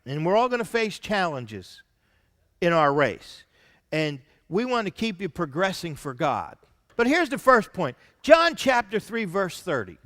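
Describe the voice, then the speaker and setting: A man preaching a sermon as senior pastor, reading scripture aloud between his own points and dropping to soft asides. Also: high-pitched, sing-song, measured pace, long reverb tail.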